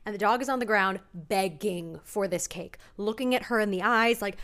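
A woman's voice: mid-range voice, normal speed, fairly bright tone. A young woman co-hosting a podcast, chatting casually and telling stories with lots of "like" and acted-out quotes. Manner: chatty storyteller, acts out quoted voices. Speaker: podcast co-host. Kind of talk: casual chat.

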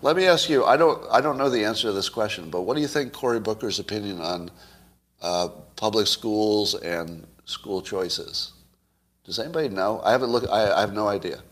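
A man hosting a solo commentary show, arguing his point in a conversational way and putting questions to his audience. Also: brisk. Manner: wide swings in pitch and loudness.

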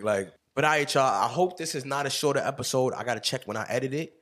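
Husky young man with lively, laughing chat. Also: medium pitch, fast, few pauses. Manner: laughs often, animated storytelling. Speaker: podcast host. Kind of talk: casual chat.

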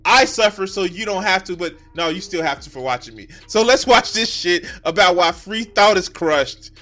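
A high, bright male voice that swings wildly up and down as he reacts on stream. He swears freely and gets worked up in an excitable, giggly way. Faint music sits underneath. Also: moderate pace. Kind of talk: profane live-stream reaction commentary.

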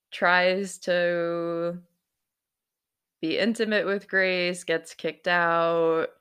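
Casting note: young woman vlogger with a low voice, loose and chatty, giggles between thoughts. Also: fairly bright tone, clean tone. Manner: chatty, laughs often, says "like" a lot. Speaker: vlogger recapping a TV episode. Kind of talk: casual chat.

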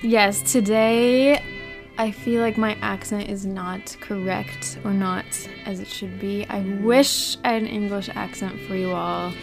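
A woman's voice: medium pitch, steady tone, vocal fry, over music. A woman co-hosting a podcast in casual, giggly chat, laughing often between thoughts. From United States. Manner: giggly, chatty, drawn-out delivery. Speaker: podcast co-host.

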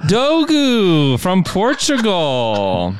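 A man's voice: sits high, huge pitch swings, very slow, slight background noise. A man hosting a podcast, chatting casually and reading out viewers' names from the live stream. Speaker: podcast host. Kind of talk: casual chat, reading stream shout-outs.

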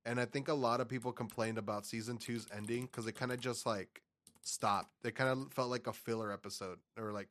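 A man telling stories in a relaxed podcast chat, getting excitable and swearing constantly. His voice is mid-pitched and ordinary. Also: brisk. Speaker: podcast co-host. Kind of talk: casual chat.

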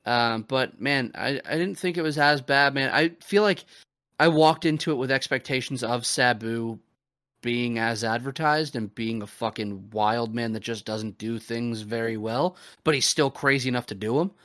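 A man's voice: medium pitch, moderate pace, fairly bright tone, no echo, clean studio sound. A man hosting a podcast, recapping a wrestling show in loose, profane casual chat full of fillers. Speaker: podcast host.

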